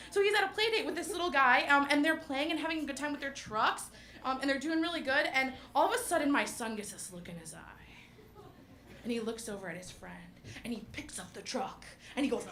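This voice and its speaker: A woman's voice: very high voice, bright, forceful tone. A young woman doing stand-up comedy, giggling and breaking off her own sentences with nervous laughs. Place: comedy club stage. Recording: roomy echo of a comedy stage.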